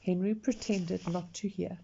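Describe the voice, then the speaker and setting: A woman reads a picture book aloud, slowly and expressively, talking straight to the listener. Her voice is mellow and unhurried, and the recording sounds dull and lo-fi. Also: fairly low pitch, gravelly. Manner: slow, expressive, talks to the listener. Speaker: storyteller.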